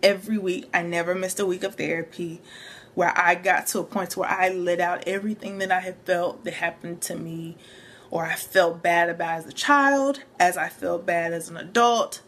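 A woman's voice: on the low side, fairly even intonation, moderate pace, a bit bright, slight background noise. Earnest young woman sharing testimony. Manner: earnest, reflective, filler-heavy. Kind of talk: personal testimony.

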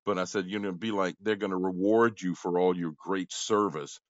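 A man hosting a podcast, rambling and profane, swinging between loud outbursts and low mumbling. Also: fairly even intonation, normal speed, no echo. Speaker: podcast host. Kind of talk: casual comedic chat. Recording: dry, dull lo-fi podcast audio.

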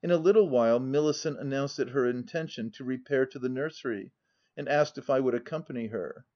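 A man narrating a classic novel as an audiobook in an even, measured reading style. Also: mid-range voice. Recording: slightly dull lo-fi audio.

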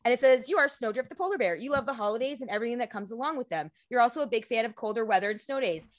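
A woman's voice: on the high side, lively intonation, very fast. A woman co-hosting a casual chat, chatty and joking. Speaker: podcast co-host.

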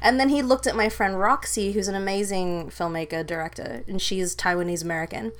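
A young Australian woman, appearing as a filmmaker guest, chats casually in a mid-range, steady voice at a fairly quick clip. She tells stories in a chatty way, packed with "likes" and "ums."

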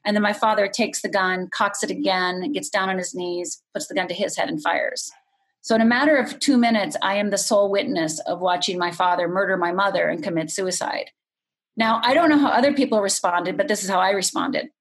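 Middle-aged woman guest, candid storyteller, even mid pitch, unhurried delivery. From Upper Michigan, USA. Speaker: podcast guest. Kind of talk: personal storytelling.

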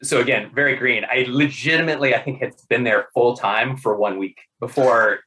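Animated man telling stories, bright voice. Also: medium pitch, a little fast, low-quality recording. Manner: animated, laughing often, many fillers and restarts. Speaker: podcast guest. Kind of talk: casual storytelling.

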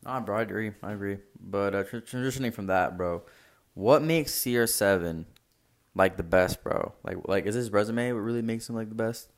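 A man's voice: on the low side, moderate pace. A man co-hosting a casual sports chat, laid-back and slangy, tossing questions in. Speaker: podcast co-host.

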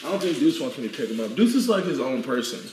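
A man's voice: mid-range voice, sing-song, fast, reverberant, very noisy. A man, a guest athlete, chatting casually on a live stream from home, playfully coaxing his dogs. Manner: playful, calls and coaxes his dogs in rising tones.

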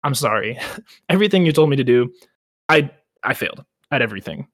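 A man's voice: mid-range voice, big pitch swings, fairly quick, fairly bright tone, no echo, studio quality. A man voicing a grief-stricken male elf captain who feels dishonored, in a casual podcast paraphrase. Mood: despairing. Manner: despairing, apologetic retelling.

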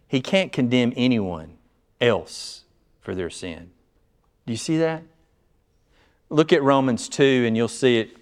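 A man's voice: medium pitch, clean tone. A man pastor teaching a small-group Bible study, earnest and emphatic, often putting questions to the group.

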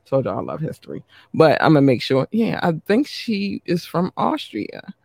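A man hosting his podcast, reading out listener shout-outs in a chatty, upbeat way. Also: on the high side, sing-song, moderate pace, creaky, dry recording, clean studio sound. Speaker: podcast host.

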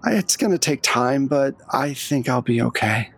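A man voicing an affectionate, weary husband who speaks tenderly and reassuringly in a gravelly voice. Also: medium pitch, lively intonation, moderate pace.

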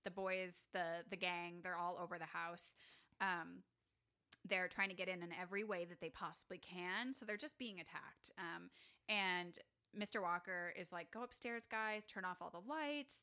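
A woman's voice: lowish voice, flat delivery, moderate pace, bright, forceful tone. A young woman co-hosting a podcast, casually retelling a film scene by scene and acting out the characters' lines. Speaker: podcast co-host. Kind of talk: casual movie recap chat.

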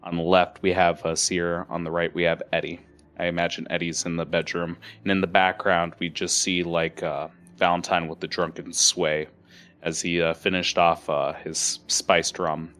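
Man, game master, low voice, loose rambling narration, laughs a lot. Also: level tone, moderate pace, fairly bright tone.

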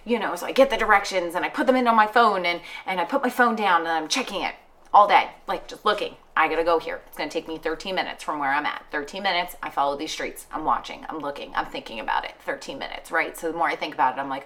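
A young adult woman hosting a podcast, telling stories in an animated, casual way and swearing freely. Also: sits low, fast. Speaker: podcast host. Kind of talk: casual chat.

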